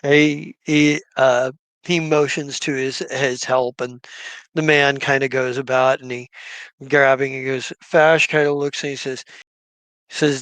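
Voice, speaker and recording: A man narrating as game master in a tabletop game, halting with frequent fillers. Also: mid-range voice, level tone, fairly bright tone, clear, resonant tone, dry recording.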